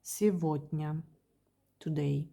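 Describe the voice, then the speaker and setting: A woman with a Russian accent teaching a beginner language lesson, repeating each word slowly and carefully. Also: low voice, fairly even intonation, gravelly, dark tone.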